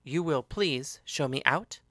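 Here a male reader plays a ruthless young woman fighter, speaking low, controlled, and quietly menacing, yet polite in mood. He takes it slowly, keeping the tone bright and forceful, and the sound is dry and close with no room sound.

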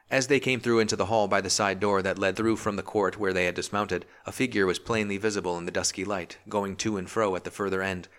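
A man narrating a historical novel as an audiobook in a steady, measured reading. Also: low voice. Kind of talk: scripted narration.

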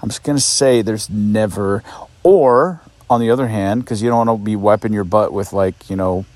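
Rambling joking man, low dry voice. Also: moderate pace, a little mellow, no room sound. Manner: joking, self-mocking, scolds his dog. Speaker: podcast host on the road. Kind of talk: casual rambling monologue. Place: outdoors at a campsite in a state park.

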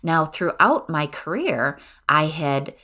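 Low-voiced woman podcast host. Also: sing-song, takes it slowly, bright, forceful tone. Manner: chatty, earnest, self-deprecating. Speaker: podcast host and life coach. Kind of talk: solo podcast talk.

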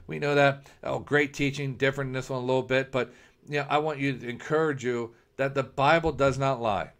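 A man's voice: mid-range voice, fairly even intonation, brisk, fairly bright tone. A man preaching a sermon, earnest and repetitive, often restarting phrases as he builds a point. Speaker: preacher, ministry founder.

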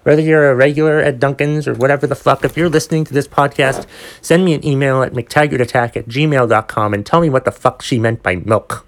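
A man's voice: mid-range voice, fairly even intonation, brisk. A young man hosting his own podcast, telling a rambling, exasperated story full of swearing and restarts. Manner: exasperated, profane ranting storyteller. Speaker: podcast host. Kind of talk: solo podcast rant.

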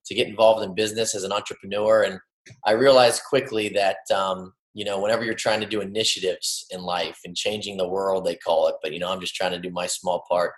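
A man's voice: sits low, little pitch movement, fairly quick, roomy sound, rough recording. A man in his late thirties from Cincinnati, a friendly, easygoing podcast guest speaking over a remote call. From Cincinnati, Ohio. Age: 30s. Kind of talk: casual interview talk.

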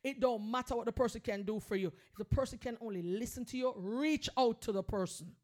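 A woman's voice: a little high, a little fast, darkish tone. A woman hosting a podcast who talks earnestly and emphatically, urging her listeners to reach out to others. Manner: earnest, emphatic, preachy encouragement. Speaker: podcast host. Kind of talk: heartfelt motivational podcast talk.

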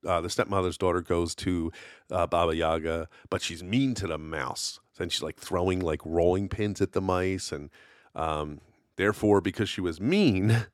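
A man's voice: deep voice, normal speed, no room sound, studio quality. A man hosting a casual solo podcast, telling folklore in a rambling, conversational way with lots of fillers. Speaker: podcast host.

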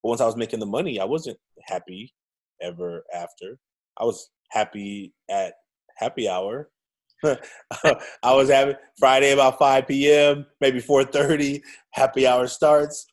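A middle-aged man telling his life story in conversation, acting out quoted voices and dropping to quiet reflection. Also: mid-range voice, measured pace. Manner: animated, acts out quotes, drops to quiet reflection. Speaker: guest.

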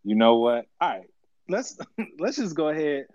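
A man co-hosting a casual live audio chat, animated and laughing often as he trades playful jabs. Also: on the high side, normal speed, dry recording, muffled recording. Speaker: podcast co-host.

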